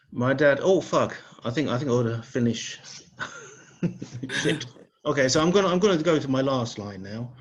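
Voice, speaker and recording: Brief: Scottish male stand-up, crude deadpan one-liners, dull lo-fi video call sound. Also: mid-range voice, slightly rough. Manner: crude, swearing punchlines. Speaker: stand-up comedian.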